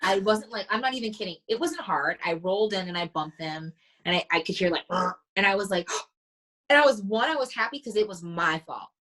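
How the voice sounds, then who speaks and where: A woman mindset coach, appearing as a podcast guest, tells stories animatedly and acts out the dialogue she quotes in a casual podcast conversation. Her mid-range voice is expressive, fairly quick and a bit bright. The recording quality is low.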